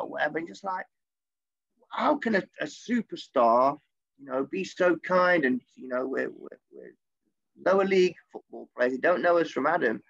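A man's voice: on the high side, animated, normal speed, gravelly, fairly bright tone. A man, a former footballer, telling a story in casual chat, swearing freely and jumping his voice up when he quotes himself. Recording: dull lo-fi recording.

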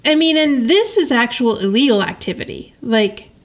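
A woman's voice: a little high, moderate pace. A woman co-hosting a podcast, chatting casually and laughing as she recaps a sitcom episode. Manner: animated, quotes characters in paraphrase, laughs often. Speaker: podcast co-host.

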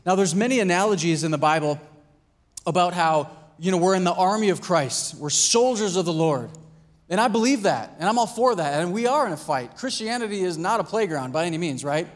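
A pastor preaching a sermon in a conversational way, acting out little scenes and asking "right?" and "Amen?". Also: male voice, high-pitched, lively intonation, a little fast. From United States. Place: church hall.

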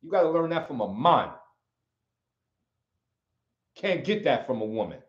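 A man's voice: on the high side, big pitch swings, a little slow. An American man hosting a livestream, giving an emphatic, preachy motivational talk and hammering on key phrases over and over. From United States. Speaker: livestream host and martial arts teacher. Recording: roomy, slightly dull audio.

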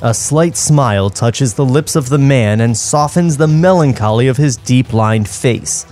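A man reading the stage directions aloud in a comedic table read, steady and plain with dry asides. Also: mid-range voice, a little slow, soft background music. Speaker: script reader and narrator.

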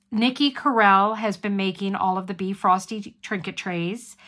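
A woman hosts a casual craft unboxing vlog in a slow, unhurried way. She gushes over each item and chats warmly with her viewers. Her voice sits at a middle pitch. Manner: gushing, chatty, addresses viewers as guys. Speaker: craft channel host.

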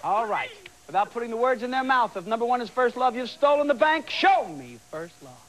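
A man hosting a television game show, bantering and teasing contestants in a lively way. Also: very high voice, fast. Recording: old broadcast tape with loud audience and noise. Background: loud studio audience.

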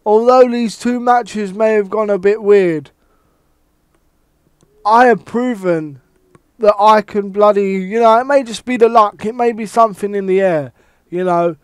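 A man commenting on his own wrestling game play, swearing and reacting loudly to every move. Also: high-pitched, unhurried, smooth, no echo, studio quality. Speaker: gamer playing a wrestling game. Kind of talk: excited let's-play commentary.

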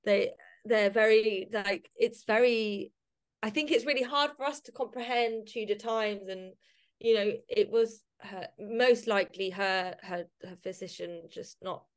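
A woman's voice: mid-range voice, measured pace. A woman guest on a casual podcast interview, talking emotionally with many fillers and restarts. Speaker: podcast guest, society member.

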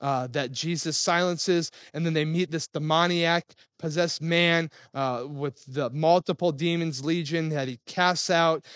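Man, pastor, 30s, sermon, conversational storytelling, slightly high pitch, dry sound. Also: steady tone, measured pace, hardly any pauses, a bit bright, smooth, no room sound. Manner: conversational storytelling with fillers and restarts.

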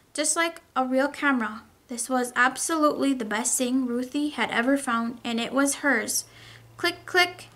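High-voiced woman reading to kids. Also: fairly bright tone. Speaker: teacher. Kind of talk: children's story read-aloud.

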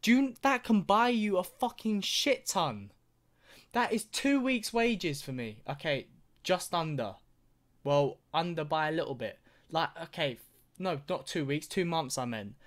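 A man's voice: a little high, lively intonation, unhurried. A young man hosting a reaction video, ranting with plenty of swearing and exaggeration. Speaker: YouTuber.

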